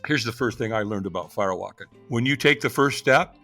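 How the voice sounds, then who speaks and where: A man's voice: mid-range voice, brisk, sharp tone, faint music behind. A middle-aged man, a podcast guest, telling a personal story dramatically and acting out the voices of the people in it. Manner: dramatic storyteller who acts out quoted voices.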